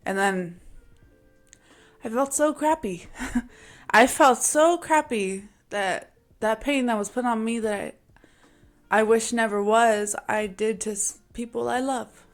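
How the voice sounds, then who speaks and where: A woman's voice: fairly high pitch, slow pace, pauses often, faint music behind. A woman speaking to camera about her own life in a candid, confessional monologue. She is emphatic and casual, using slang and sometimes laughing as she talks. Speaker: vlogger sharing a personal story.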